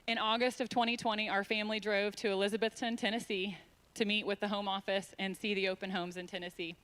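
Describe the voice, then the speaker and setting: A woman's voice: medium pitch, little pitch movement, quick pace, fairly bright tone. A woman giving a heartfelt, emotional speech at a church event to introduce the founder of a ministry. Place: church sanctuary.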